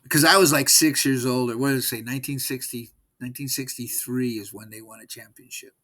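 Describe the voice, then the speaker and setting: In a casual vlog, a sports fan in his sixties gives a rambling, exasperated recap of his team's game and keeps repeating himself. His medium-pitched voice has fairly even intonation and a sharp tone, and he talks a little fast.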